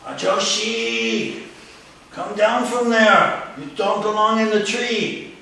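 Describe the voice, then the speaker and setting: A man voicing a stern, bossy male police captain who shouts orders, heard from a distant mic in an echoey hall. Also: high voice, fairly even intonation, takes it slowly, gravelly, a little hiss or hum, pitched above the performer's own voice, exaggerated voice. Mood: commanding.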